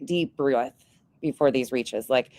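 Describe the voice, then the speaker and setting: A woman's voice: a bass voice, slow pace, mellow, no echo. A woman giving casual commentary on online drama, sarcastic and profane as she rants.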